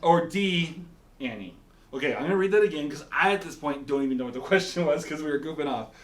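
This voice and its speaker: A man's voice: a little high, expressive, fast talker. A man hosting a casual quiz game, teasing and rambling in playful banter. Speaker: pastor and show host. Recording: echoey room.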